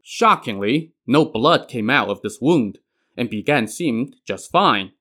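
A male storyteller retelling a classic legend in a casual, conversational way. He drops in wry modern asides, in an everyday mid-pitched voice. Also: lively intonation, takes it slowly, a bit bright, faint music behind.

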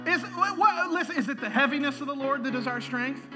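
A man's voice: extremely high pitch, lively intonation, fairly quick, few pauses, sharp tone, soft background music. A man preaching a sermon to a congregation, calling out praise and breaking into bursts of laughter.

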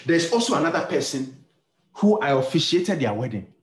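A man's voice: fairly high pitch, big pitch swings, moderate pace, roomy sound. A male pastor preaching a sermon, telling stories and acting out the dialogue, with many repeated words and restarts. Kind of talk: sermon storytelling.

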